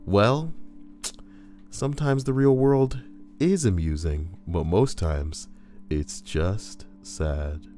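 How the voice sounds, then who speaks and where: Faint music accompanies a man on YouTube reading online Reddit stories and adding crude, jokey commentary. His voice is warm and on the low side, and he takes it at a slow pace.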